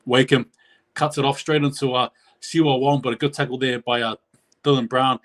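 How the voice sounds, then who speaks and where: A man's voice: mid-range voice, little pitch movement, fairly quick, fairly bright tone. A man giving live play-by-play commentary on a match as a stream host, rambling and correcting himself, his voice jumping up at big plays.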